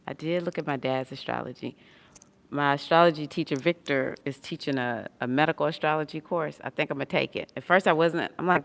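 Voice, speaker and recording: This woman's deep voice runs a little fast. A mother with a son and host of an astrology livestream, she chats casually from a hospital room, reading comments from viewers and often breaking into laughter.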